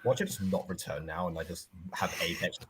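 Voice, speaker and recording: A man's voice: deep voice, fairly quick, a crowd in the background. A man hosting a live online review chat on a computer mic, chatty and self-deprecating, thinking aloud as he sets things up. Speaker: livestream host. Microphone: computer mic on a voice call.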